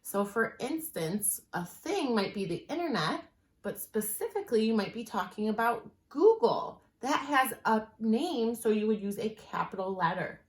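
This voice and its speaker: A woman teacher giving a writing lesson, explaining clearly and patiently and slowing down to stress her examples. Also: a little high, very animated. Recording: echoey room.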